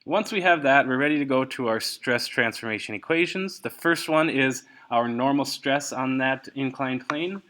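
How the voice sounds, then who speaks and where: A man lectures on engineering mechanics, explaining a worked example out loud. His mid-range voice moves along with many ums and restarts, correcting himself as he goes. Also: mid-range voice. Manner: halting, many fillers and self-corrections. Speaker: engineering instructor. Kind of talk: recorded lecture walkthrough.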